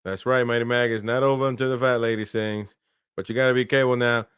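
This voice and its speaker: Casual man, fan-style play-by-play, smooth voice, dry close mic. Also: medium pitch, steady tone, fast, fairly bright tone, dry recording. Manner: casual play-by-play, talks to viewers, laughs often. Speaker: watchalong host. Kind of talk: live match commentary and chat reading.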